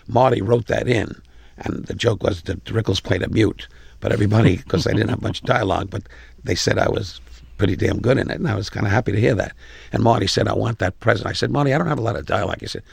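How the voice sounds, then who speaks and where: A gravelly, husky older man in his eighties with a New York accent, telling stories as a comedian guest. He delivers them in a brash way and gets loud at the punchlines. His low voice sounds dry and close. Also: no room sound. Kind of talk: interview anecdotes.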